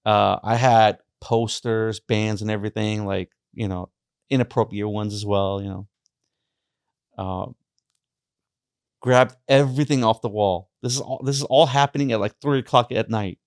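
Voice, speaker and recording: A young man, a podcast guest, telling his personal faith story in a halting way, with many restarts and fillers. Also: on the low side, steady tone, clean tone, no echo, studio quality.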